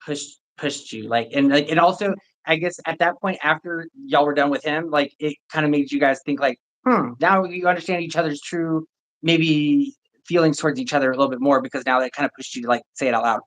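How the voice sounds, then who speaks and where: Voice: medium pitch, a little fast. A host in casual chat, affirming the guest and reflecting at rambling length.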